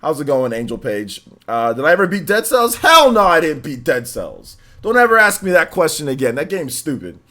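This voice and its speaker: A man's voice: fairly high pitch, big pitch swings, moderate pace, hardly any pauses, sharp tone. A young man hosting a livestream in casual chat, reading donations with laid-back slangy banter and frequent laughter. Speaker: livestream host.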